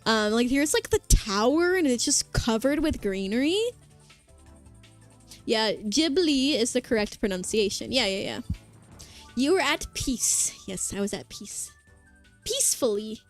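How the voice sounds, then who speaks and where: A bubbly woman streaming and chatting casually with her viewers, her voice pitched a little high. She rambles along with plenty of fillers and restarts, and quiet music plays underneath. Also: lively intonation, normal speed. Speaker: vtuber streamer. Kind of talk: casual chat with live chat. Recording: faint background music.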